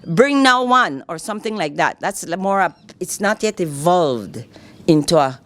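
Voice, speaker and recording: A woman's voice: lowish voice, expressive, normal speed. A woman with a Belizean Kriol accent, a guest educator explaining in a casual interview, teacherly and often checking that the listener follows. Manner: teacherly, checks understanding with "all right?".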